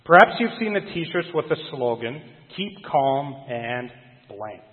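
A man preaching a sermon earnestly, putting emphasis on key phrases and slowing down on them. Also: medium pitch, sing-song. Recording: phone-like sound with long hall reverb.

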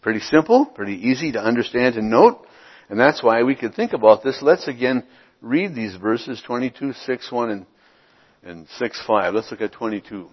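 A middle-aged male pastor preaching from the pulpit, reading scripture slowly before unpacking it in plain, informal talk. His voice has a breathy, husky edge, and it carries a long reverb from the church around him on a dull, muffled recording. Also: medium pitch, lively intonation. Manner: reads scripture deliberately, then explains in an informal, conversational way. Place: church sanctuary.

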